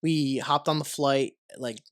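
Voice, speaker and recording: A man's voice: medium pitch, a little slow, smooth, no echo. Man, american podcast host, congested from a cold, rambling casual talk, dry close sound. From United States. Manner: rambling, relaxed, swears casually.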